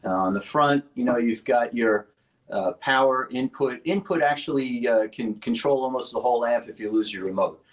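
Man, mid-pitch founder type, loose rambling technical explainer. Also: moderate pace, low-quality recording. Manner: rambling, restarts often, explains technical detail. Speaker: speaker company founder. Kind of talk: casual interview talk.

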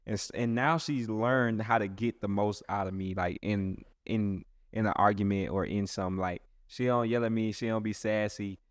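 A low-pitched man, a pastor, talks loosely and earnestly in casual chat, circling back and restarting his sentences. His voice is close and dry, with no room sound at all. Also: steady tone, moderate pace, no room sound. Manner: rambling, many restarts and "like"s. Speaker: pastor and host.

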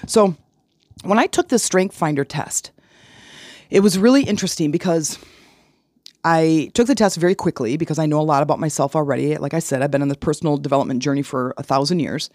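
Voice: mid-range voice, quick pace, dry recording, clean studio sound. A podcast host talking solo, casual and frank, telling stories with analogies. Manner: animated storytelling with analogies.

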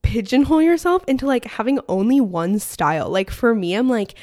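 A woman's voice: fairly high pitch, lively intonation, brisk, a little mellow, no room sound, clean studio sound. Bubbly chatty young woman podcaster. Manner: bubbly, chatty, full of "like" fillers. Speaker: podcast host. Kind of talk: casual solo podcast chat. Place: home room. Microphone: podcast mic on stand.

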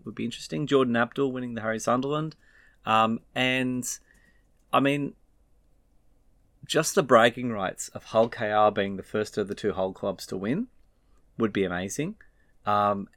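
A man's voice: lowish voice, a bit bright, no echo. A man hosting a podcast, chatting casually in a rambling way and correcting himself as he goes. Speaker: podcast host. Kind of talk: casual sports podcast talk.

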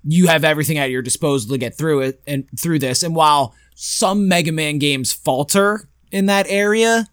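A man with a somewhat higher voice chats as a podcast co-host. He wanders between thoughts and cracks dry jokes, recorded close with no room sound. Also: moderate pace, few pauses, fairly bright tone, clean tone, no echo. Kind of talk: casual podcast chat about video games.

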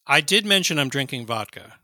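A man in casual podcast chat, relaxed and wry. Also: medium pitch, a little fast, no room sound, clean studio sound.

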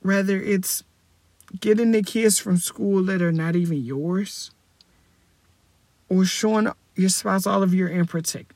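Young man, podcast host, high-pitched, husky rasp, dry close mic, rambling rhetorical questions. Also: measured pace, pauses often, a little mellow, no echo. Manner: upbeat, rambling, self-correcting, asks rhetorical questions. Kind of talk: casual solo podcast talk.

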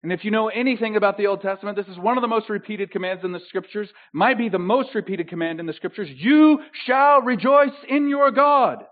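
High-voiced preaching man, tinny sound. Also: fast, few pauses. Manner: swings between loud emphatic declarations and quiet intimate asides. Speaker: pastor. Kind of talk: sermon.

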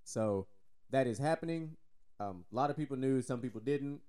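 A man's voice: medium pitch, expressive, moderate pace, mellow. A Texan man co-hosting a casual sports podcast, loose and joking, swearing freely. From Texas. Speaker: podcast co-host.

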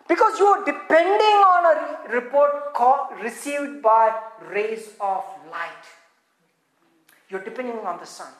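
A woman preaching with a high, bright voice that climbs when she gets excited and drops low when she goes quiet. She fires rhetorical questions at the congregation. The room adds a roomy echo. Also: measured pace. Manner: animated, rhetorical questions, swings from loud to hushed. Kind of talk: sermon.

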